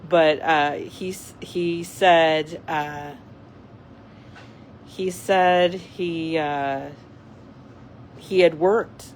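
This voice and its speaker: An unhurried, middle-pitched voice chatting casually to camera and wandering through the story with plenty of "uh"s and restarts. The speaker is half-distracted, playing with cats using a laser pointer while talking. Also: steady tone, a little hiss or hum, poor audio. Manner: rambling, with many fillers and restarts. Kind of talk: casual chat.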